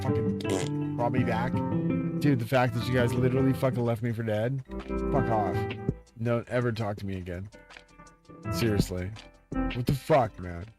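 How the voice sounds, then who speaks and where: A man live-streaming a profane, agitated, grandiose rant aimed straight at his viewers. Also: medium pitch. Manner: profane, agitated and grandiose, talks to the audience directly. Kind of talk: ranting monologue to viewers. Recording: loud music playing behind the voice. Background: loud music.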